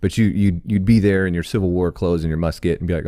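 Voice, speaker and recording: A man with a fairly low voice co-hosting a casual podcast. The sound is dry and close, with no room around it, and he talks in an easygoing way as he lays out questions. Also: fairly even intonation, quick pace, mellow, dry recording. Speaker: podcast co-host. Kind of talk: casual chat.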